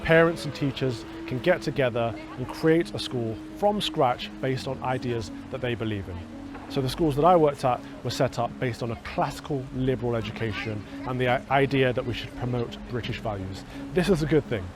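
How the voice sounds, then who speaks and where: Male documentary presenter, earnest and persuasive scripted read, clear music bed beneath. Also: mid-range voice.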